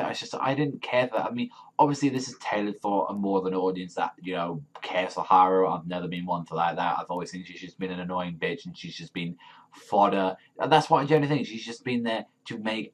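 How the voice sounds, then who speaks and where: A man with a fairly low voice rants through a manga chapter review. He rambles, swears freely and gets worked up, piling on fillers as he goes. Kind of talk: casual review rant.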